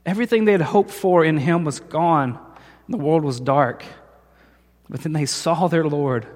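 A man's voice: fairly high pitch, normal speed, darkish tone. A man preaching a sermon as pastor, telling stories and acting out the voices of the people in them. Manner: storytelling, acts out voices in quotes. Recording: long hall reverb.

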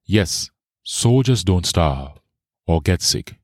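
A man's voice: low voice, sing-song, slow pace, dry recording, clean studio sound, full character voice. A man reading the lines of a poor, grieving young mother who talks with toneless simplicity. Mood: toneless tender. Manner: toneless, simple speech rising to anguish.

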